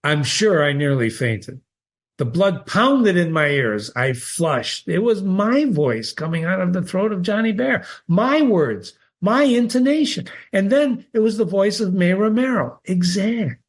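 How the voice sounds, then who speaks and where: A man reading a short story aloud as the show's host, expressive and lifting his pitch on key words. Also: unhurried. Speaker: reader.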